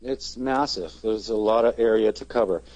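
Low-voiced man, dry close sound. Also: normal speed, a little mellow, no echo, highs cut off. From Canada. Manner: rambling, with many fillers and restarts. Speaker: touring band singer, interview guest. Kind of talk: casual interview chat.

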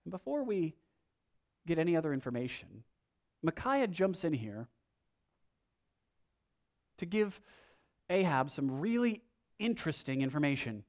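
A man's voice: on the high side, big pitch swings, measured pace, pauses often, darkish tone. A male pastor preaching a sermon in a conversational way, with wry asides.

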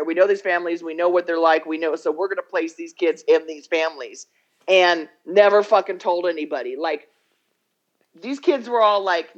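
A podcast co-host tells a story in a loose, rambling way, voicing everyone's lines and swearing freely. The voice sits at a middle pitch. The mic sounds dull and lo-fi. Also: a bit bright. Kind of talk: casual chat, retelling a documentary.

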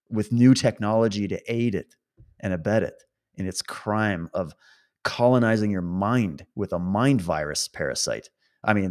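A man delivering an impassioned monologue to viewers, laughing often and switching between mocking and solemn tones. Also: on the low side. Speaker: protest supporter addressing viewers.

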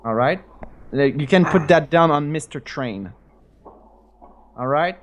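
A man's voice: fairly high pitch, expressive, measured pace. A man with a French Canadian accent, prank calling and joking around with a taunting, playful manner. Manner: taunting, playful, laughs often. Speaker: prank caller. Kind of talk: prank phone call banter.

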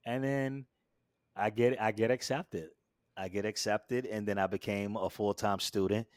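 In a relaxed interview, a male guest tells a story a little slowly but with lively expression, popping into quoted voices through sudden shifts in pitch and loudness. The audio is close and dry, without any room sound.

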